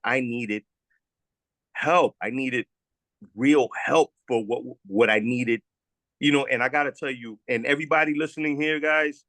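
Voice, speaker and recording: A man's voice: mid-range voice, a bit bright, no echo. A man speaks with raw, heartfelt earnestness, his sentences breaking off and starting again as he repeats words. His voice sits in an ordinary middle register, recorded dry and close with no room sound around it. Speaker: former guest sharing recovery story. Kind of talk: emotional testimonial.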